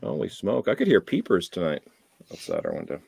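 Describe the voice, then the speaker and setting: A man's voice: low voice, huge pitch swings, brisk, creaky, a little mellow, husky, dry recording. Man, 50s, curious questioner, dry close-miked sound, casual call. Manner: curious, asks lots of questions. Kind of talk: casual chat.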